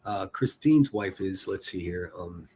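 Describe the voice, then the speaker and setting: A man's voice: low-pitched, expressive, measured pace, background noise. A man hosting a live stream, making casual running commentary with crude jokes and frequent laughter. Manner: joking, laughs often, crude teasing humor.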